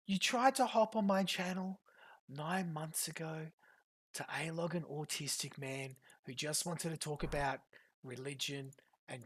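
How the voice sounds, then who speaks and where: A woman streamer giving a profane, mocking reaction commentary to a clip. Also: mid-range voice. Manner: profane, fast mocking rants.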